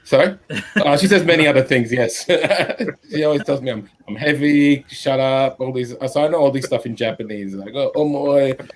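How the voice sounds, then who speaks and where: A man chatting casually about his drawing, rambling and self-deprecating, with many halting restarts. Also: mid-range voice, slight background noise. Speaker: comic artist on a live stream. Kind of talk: casual chat.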